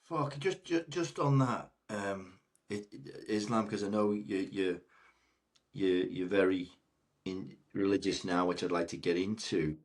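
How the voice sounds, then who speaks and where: A man hosting a podcast, speaking reflectively with halting restarts and frequent fillers. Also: low-pitched. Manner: halting, many restarts and 'you know' fillers. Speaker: podcast host. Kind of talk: reflective conversational interviewing. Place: podcast studio.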